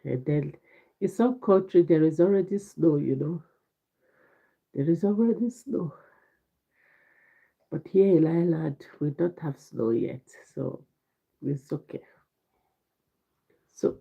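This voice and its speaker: Stuffy-voiced woman, slow live-stream host, lowish voice, tinny phone-quality sound. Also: lively intonation, vocal fry, slightly rough. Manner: slow, greeting viewers one by one. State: congested from a head cold. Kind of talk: casual live stream chat. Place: home in Ireland.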